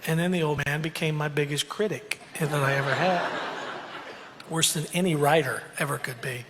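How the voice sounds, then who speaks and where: A man's voice: fairly high pitch, moderate pace, big-room sound, noisy background. A man telling a rambling, humorous story full of fillers and asides. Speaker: country singer telling a story. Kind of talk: casual storytelling to an audience.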